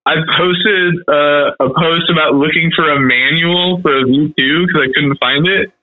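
A man's voice: a little high, unhurried, dry recording. A man talks in an easygoing, rambling way, stringing thoughts together with "like" and the odd curse. His voice comes through a dry, tinny, phone-like line with no room sound. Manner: laid-back, rambling, heavy on "like" and "dude", swears casually. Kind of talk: casual chat.

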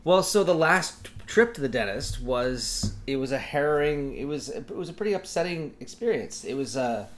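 A man's voice: mid-range voice, animated, moderate pace, slight background noise. A man in his forties, a podcast co-host, telling a rambling, self-correcting story in casual chat.

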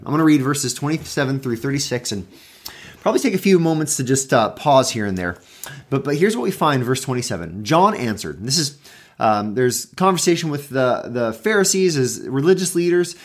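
Animated man giving a devotional talk. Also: mid-range voice, brisk. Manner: conversational, with frequent restarts and emphatic paraphrase. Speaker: pastor. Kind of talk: devotional Bible teaching.

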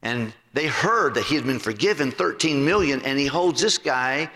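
A male pastor preaching a sermon in an animated, emphatic way. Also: normal speed. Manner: animated, emphatic, swooping pitch. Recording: long hall reverb.

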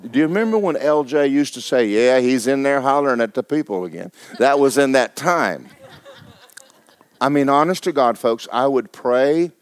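A man, a pastor preaching and telling a story with animated bursts of loud shouting. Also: medium pitch, moderate pace, clear, resonant tone. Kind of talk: sermon.

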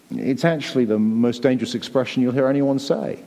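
A man's voice: medium pitch, steady tone, a little fast, few pauses, warm tone, big-room sound. A man preaching a sermon to a church congregation, earnest and pleading, often repeating words as he presses his point. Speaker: pastor.

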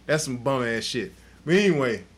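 A man's voice: mid-range voice, lively intonation, moderate pace. A man hosting a podcast, telling a story in crude, profane, casual chat. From Texas. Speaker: podcast host.

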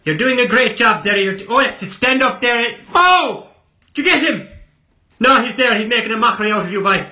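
A man doing a put-on voice of a frantic onlooker yelling encouragement during a bat chase, shrill and breathless. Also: animated, brisk, full character voice.

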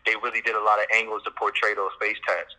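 A man's voice: fairly low pitch, level tone, fast, pushed and bright, poor audio. A man from Chicago, a musician guest, telling a story in a loose, laid-back way with lots of fillers and swearing. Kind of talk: casual storytelling interview.

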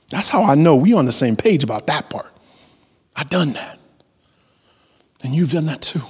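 A man preaching a sermon, a pastor who moves between loud emphasis and hushed whispers and acts out everyday prayers in a conversational voice. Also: medium pitch, animated, measured pace, pauses often, slightly rough. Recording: long hall reverb.

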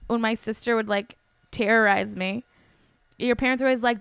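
A woman's voice: fairly high pitch, steady tone, normal speed, vocal fry, a bit bright, clear, resonant tone, dry recording. A young woman comedian chatting casually on a podcast, rambling with lots of fillers and giggles. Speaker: comedian guest.

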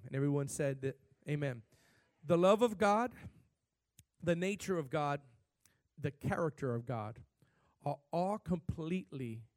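A male pastor preaching a sermon, talking candidly and then building to loud, emphatic declarations. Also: a little high, dry recording.

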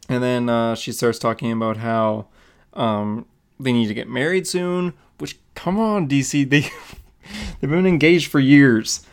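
A young man co-hosting a casual comic book podcast, recapping a story with quick acted-out quotes. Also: medium pitch, steady tone, clean tone. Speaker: podcast co-host.

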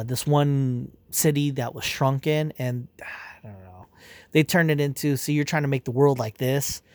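A man's voice: fairly high pitch, no room sound. A man ranting casually as a comic fan, swearing often and rambling with exasperation. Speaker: comic fan reviewing a movie. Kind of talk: casual rant.

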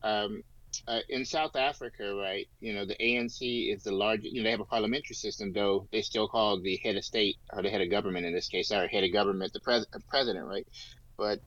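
Rambling low-voiced man, lo-fi. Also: fairly even intonation, fast, a bit bright. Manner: rambling, many fillers and restarts. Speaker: podcast co-host. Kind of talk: casual political discussion. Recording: dull lo-fi sound, dry.

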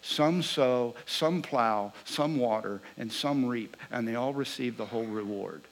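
A man in the pulpit telling a story as part of his sermon. He talks at a middle pitch and moves between punchy, louder moments and quiet, confiding asides. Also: measured pace, rough recording. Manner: animated storyteller, swinging between loud bursts and hushed asides. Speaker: preacher.

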